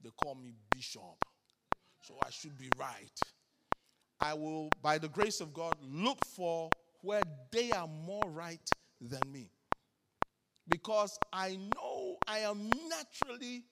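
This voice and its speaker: A high-pitched man preaches with insistent repetition, putting questions straight to the congregation. His voice rings with long reverb, as if in a large hall. Heavy noise sits under it throughout. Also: vocal fry. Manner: emphatic, repeats phrases for effect. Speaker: bishop preaching. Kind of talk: sermon.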